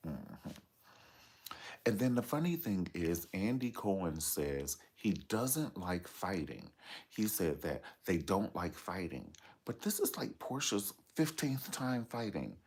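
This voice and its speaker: A man with a low, husky voice tells reality TV gossip in a sassy, dramatic way, full of playful asides. His pitch leaps around a lot. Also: sing-song, takes it slowly, a little mellow. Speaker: celebrity gossip commentator.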